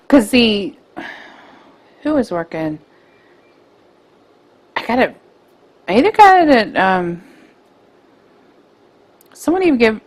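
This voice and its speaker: A woman in her thirties co-hosting a podcast, chatting casually and gushing with excitement about films she loves. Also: lowish voice, creaky. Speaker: podcast co-host. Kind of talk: casual chat.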